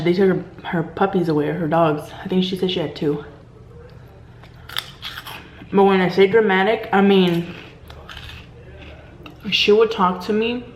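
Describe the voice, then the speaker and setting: A woman's voice: on the low side, highs cut off. Chatty woman telling a story, roomy sound. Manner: chatty, lots of "like" fillers. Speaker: vlogger. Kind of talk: storytime while eating. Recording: roomy room, faint background hum.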